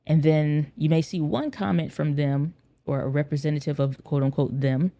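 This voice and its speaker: A man's fairly high, gravelly yet mellow voice carries a steady tone at normal speed as he hosts a casual podcast alone. He speaks earnestly, like he's in conversation, and repeats phrases for emphasis.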